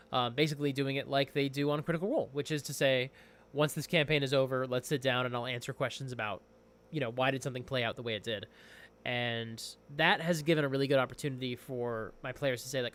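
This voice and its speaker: A young man chatting casually on a livestream as a game master, rambling and excitable. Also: a little high, quick pace.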